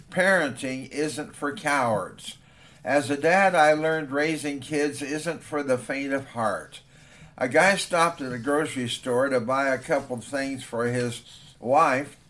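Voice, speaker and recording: A man's voice: medium pitch, fairly bright tone. A man, a father himself, preaching a sermon in a conversational storytelling manner.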